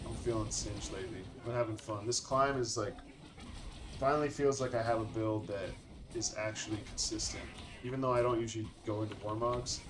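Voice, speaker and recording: A man's voice: on the low side, noisy background. Laid-back man commenting on his gameplay. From Colorado, United States. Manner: casual, laid-back, says "dude" and "bro" a lot. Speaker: gaming channel host.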